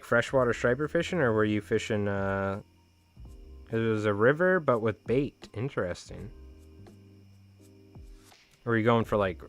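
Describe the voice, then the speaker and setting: A man hosting a live fly tying stream, chatting casually in slang with viewers while he ties. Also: medium pitch.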